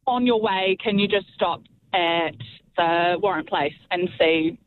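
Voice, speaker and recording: A woman's voice: fairly low pitch, measured pace, slight background noise. New woman on a tinny phone line. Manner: rambling, laughs at her own bad luck. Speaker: caller. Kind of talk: phone-in story.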